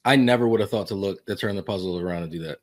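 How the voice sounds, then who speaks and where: Low-voiced male co-host, quick remarks. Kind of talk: casual recap chat.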